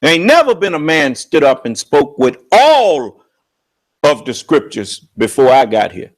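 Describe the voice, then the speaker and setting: Emphatic preacher man with a lively pitch. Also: unhurried. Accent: American. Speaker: religious leader and teacher. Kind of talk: preaching on scripture.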